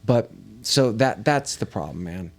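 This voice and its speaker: A man's voice: lowish voice, lively intonation, unhurried. A man co-hosting a teachers' podcast, explaining earnestly in casual chat.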